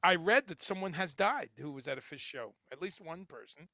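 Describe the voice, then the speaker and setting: Man, middle-aged, livestream host, gravelly, bright, rambling casual chat, dry close sound. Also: fairly high pitch, a little fast, dry recording. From grew up in Chicago and Guyana, later New Jersey. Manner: rambling, animated, swearing, laughing, reads chat aloud.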